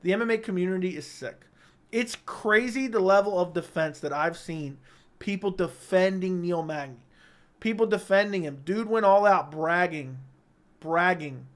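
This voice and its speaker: A man's voice: high voice, normal speed. A young man hosting a casual livestream, reading viewer comments and giving blunt, opinionated verdicts into a studio microphone.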